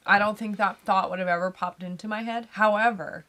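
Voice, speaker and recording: A woman's voice: medium pitch, steady tone, brisk, bright, forceful tone. A woman co-hosting a live whiskey tasting, chatting casually and laughing often. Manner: chatty, talks over her co-host, laughs often. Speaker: co-host of a whiskey tasting livestream. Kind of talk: casual chat.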